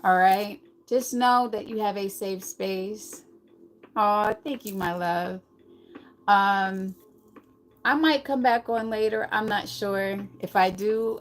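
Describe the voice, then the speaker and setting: A woman's voice: mid-range voice, slight background noise, poor audio. A middle-aged woman hosting a casual live stream, talking earnestly and rambling straight to her viewers.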